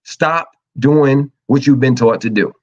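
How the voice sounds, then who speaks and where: A man hosting a casual advice talk show, animated and acting out quoted voices as he talks. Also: mid-range voice, unhurried, dull audio. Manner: animated, acts out quoted voices, laughs often.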